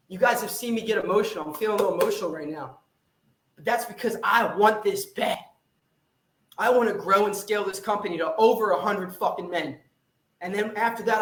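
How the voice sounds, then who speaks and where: A man's voice: sits high, a bit bright, reverberant, rough recording. A young man, a fitness coach, giving a fired-up motivational pep talk on a live stream, swearing often and repeating himself.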